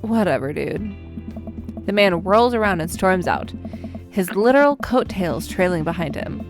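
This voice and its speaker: A woman's voice: mid-range voice, expressive, unhurried, soft background music. A woman streaming a game, reading the text aloud and adding chatty, laughing asides.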